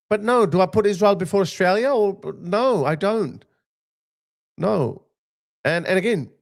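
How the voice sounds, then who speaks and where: A man in his thirties giving an opinionated live-stream monologue as a political commentator, emphatic and heated, often restarting and repeating his phrases. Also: fairly high pitch.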